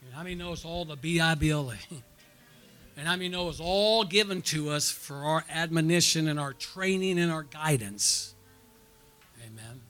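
Soft music plays behind a middle-aged pastor as he preaches a sermon at a church conference. Speaking at normal speed in a fairly high voice, he tells a personal story and calls out to the congregation, rising to loud, excited peaks and falling to quiet asides.

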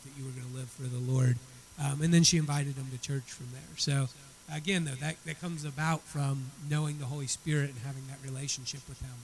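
Fairly high-voiced man teaching a Bible lesson. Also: a little mellow, a little hiss or hum, rough recording. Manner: conversational, repeats words as he restarts. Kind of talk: retelling a story as a church lesson.

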